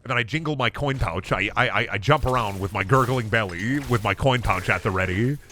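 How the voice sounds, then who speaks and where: A young man streaming a game, chatting casually in a goofy, animated way and jumping into bits. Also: fairly low pitch, a little fast, a little hiss or hum. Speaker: gaming streamer. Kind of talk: casual live-stream commentary.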